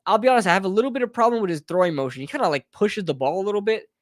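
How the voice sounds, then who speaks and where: Speaking very fast in a voice that sits high, a man runs a live sports talk stream as a heated fan rant, repeatedly calling his audience "bro" and "brother." There's no room sound, just a clean studio recording.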